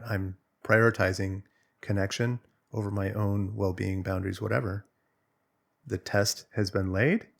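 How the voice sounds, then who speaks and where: Low gravelly guy coaching, chatty and loose, tells stories animated. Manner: conversational, loose, animated storytelling. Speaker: relationship coach. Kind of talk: casual explanatory monologue.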